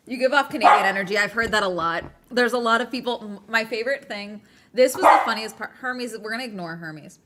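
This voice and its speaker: A woman's voice: on the high side, fairly quick, heavy background noise. A young woman from Southern California with a Southern California accent, chatting casually on a livestream as host and reading chat aloud, with lots of ums and likes. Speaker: streamer host.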